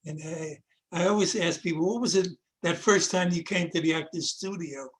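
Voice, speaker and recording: A man's voice: fairly high pitch, moderate pace. A man interviewing a former student over a video call, reminiscing and hesitant, repeating words. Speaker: interviewer, acting teacher. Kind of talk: casual interview.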